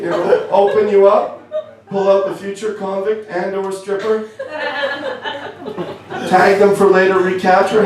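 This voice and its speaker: A young man with a Canadian accent works through a stand-up set, dry and self-mocking, his delivery full of little halts and restarts. His voice sits a touch high for a man. It comes from a distance in an echoey club, with faint room noise around it. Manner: wry, self-deprecating, halting with many fillers. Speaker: stand-up comedian. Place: comedy club.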